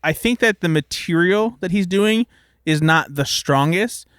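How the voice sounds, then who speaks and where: A man co-hosting a podcast, giving measured opinions in casual chat. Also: high-pitched, expressive, a bit bright, clear, resonant tone, dry recording, studio quality. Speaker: podcast co-host.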